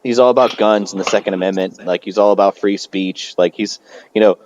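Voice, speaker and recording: A man's voice: fairly low pitch, steady tone, brisk, a little mellow, lo-fi sound, a little hiss or hum. A man co-hosting a podcast, chatting casually, laughing often and swearing freely. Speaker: podcast co-host. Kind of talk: casual profane chat.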